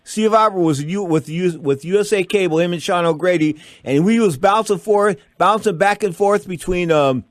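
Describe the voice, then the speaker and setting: A man hosts a radio talk show in a fairly high voice and tells rambling stories with plenty of energy. The sound is close and dry, with no room around it. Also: normal speed, hardly any pauses, dry recording. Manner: animated, rambling storyteller.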